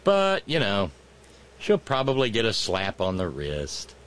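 A man's voice: lowish voice, huge pitch swings, a little slow. A man hosting a talk show, giving sarcastic, mocking political commentary with profane asides.

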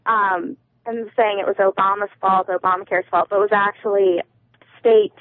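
A woman's voice: medium pitch, fairly even intonation, normal speed, no echo, narrow, tinny audio. A woman calling into a talk radio show, telling her point in a matter-of-fact way. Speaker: caller. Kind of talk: call-in comment.

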